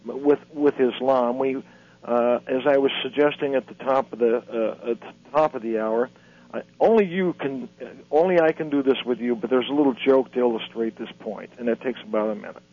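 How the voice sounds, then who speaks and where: Earnest man lecturing on radio. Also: mid-range voice. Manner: earnest, lecturing, halting restarts. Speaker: guest, author and lecturer. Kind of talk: radio interview. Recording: muffled radio broadcast.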